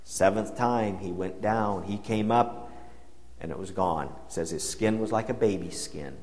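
A man's voice: on the low side, a little slow, darkish tone. Man preaching in a reverberant hall. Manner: conversational storytelling with paraphrased dialogue. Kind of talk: sermon retelling a Bible story.

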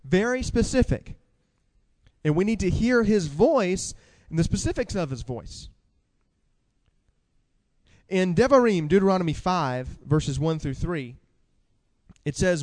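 A man's voice: fairly high pitch, lively intonation, moderate pace, long pauses, a little mellow, big-room sound. A man preaching a sermon, quoting scripture with emphasis and repeating key words.

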